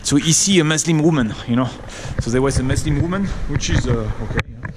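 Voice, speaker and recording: A man's voice: medium pitch, fast talker. A man from France with a French accent, chatting in a rambling way with many fillers while walking outdoors for his vlog. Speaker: vlogger. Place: outdoors on a town street. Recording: outdoor street traffic noise.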